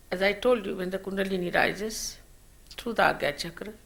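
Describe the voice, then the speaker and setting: A woman delivers a spiritual lecture in a measured, unhurried way. Her voice has a gravelly, creaky texture. Her phrases often trail off softly at the end. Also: medium pitch. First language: Marathi. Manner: slow, measured teaching with soft trailing phrase ends. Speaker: spiritual teacher. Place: lecture hall at a public program.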